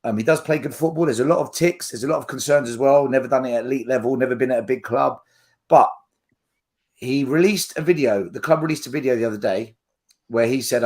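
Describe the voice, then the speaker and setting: A man's voice: mid-range voice, fairly quick, darkish tone. Blunt, emphatic podcast host man. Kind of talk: casual podcast chat.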